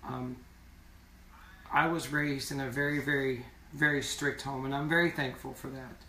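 A man's voice: mid-range voice, level tone, moderate pace, bright, forceful tone, a little hiss or hum. A man singer in a casual live video chat, speaking earnestly and repeating words for emphasis. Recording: roomy sound from far off.

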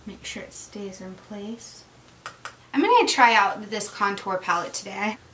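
A woman's voice: medium pitch, a little slow, fairly bright tone. A woman beauty vlogger chatting and gushing as she does her makeup in a get-ready-with-me video. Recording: echoey room with faint noise.

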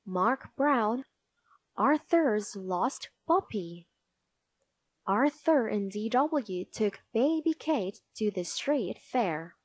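A woman reading a picture book aloud in a high, sing-song voice. Her pace is slow and her pitch swings widely. The sound is close and dry. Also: lively intonation, no room sound. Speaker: storybook reader. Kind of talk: children's read-aloud narration.

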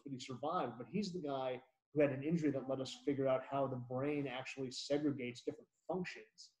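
A man's voice: mid-range voice, darkish tone, low-quality recording. A man hosting an online book club, talking in a rambling way, correcting himself and laughing often. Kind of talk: casual book discussion. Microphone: video call.

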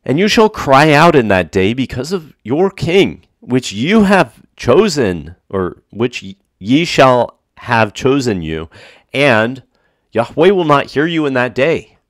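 A man's voice: medium pitch, big pitch swings, slow, no room sound, clean studio sound. A man preaching a sermon, reading scripture aloud and stressing points by repeating phrases.

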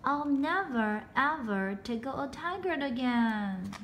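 A woman's voice: sits high, animated, slow pace, slight background noise, exaggerated voice. A woman doing a fidgety, defiant little schoolgirl. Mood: contrite. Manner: bold, shouting commands. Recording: roomy echo.

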